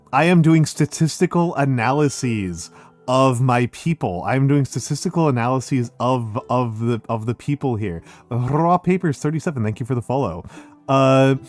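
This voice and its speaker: Middle-aged male streamer, slow and chatty, faint music under the voice. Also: mid-range voice. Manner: slow, chatty, laughing often, with many fillers. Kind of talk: casual live-stream chat.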